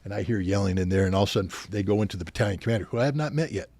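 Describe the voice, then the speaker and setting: A man's voice: on the low side, animated, racing, darkish tone. A man in his sixties, a podcast guest, telling anecdotes with animation and acting out the officers he quotes. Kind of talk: storytelling in a podcast interview.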